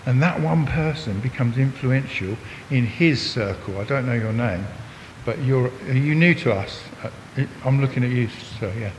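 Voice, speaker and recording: In a church hall, a visiting English preacher in his sixties gives a chatty, joking talk, addressing the congregation and drawing them in. He keeps a moderate pace with hardly any pauses. The recording has long hall reverb and a faint rumble.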